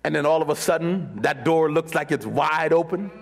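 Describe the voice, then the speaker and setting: High-voiced preaching man. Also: moderate pace, creaky. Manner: preaching with sweeping pitch swings, from sung high calls to low murmurs. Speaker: pastor. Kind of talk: sermon.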